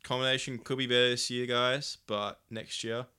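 Upbeat man, bright clear voice. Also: medium pitch, brisk. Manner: relaxed, enthusiastic, lots of fillers. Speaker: event organizer. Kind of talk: casual podcast chat.

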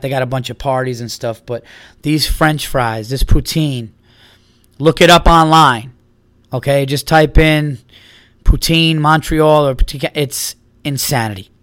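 A man's voice: medium pitch, a bit bright, smooth, dry recording. A man hosting a podcast, rambling casually through stories, swearing freely and acting out his friends' lines. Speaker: podcast host. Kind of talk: casual solo podcast chat.

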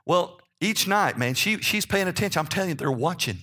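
A man's voice: high-pitched, expressive, fairly quick, sharp tone. A man in his fifties delivers a sermon from a church pulpit. He preaches in a homely, conversational way, checking in with the congregation as he goes. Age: 50s. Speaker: pastor.

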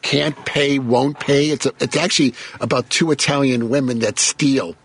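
A man's voice: medium pitch, fairly even intonation, moderate pace, slightly rough. A man co-hosting a radio show, chatting casually and laughing often. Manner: laughs often, tells stories with enthusiasm. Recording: radio broadcast.

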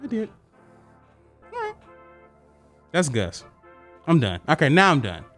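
A man's voice: fairly high pitch, a little slow, soft background music. A young man, co-hosting a podcast and ranting in casual sports banter. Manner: ranting, animated, teasing. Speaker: podcast co-host. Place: podcast studio.

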